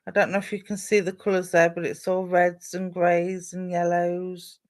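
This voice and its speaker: Woman medium doing a live stream reading, gentle and reassuring, keeps calling people my darling. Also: fairly low pitch, little pitch movement, moderate pace. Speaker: psychic medium.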